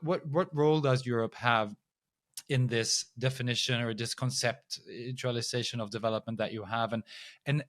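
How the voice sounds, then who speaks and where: A man hosting a podcast who asks long, halting questions and restarts his words. The sound is dry, with no room echo. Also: mid-range voice. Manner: halting, repeats words while asking questions. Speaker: podcast host. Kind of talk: interview questions.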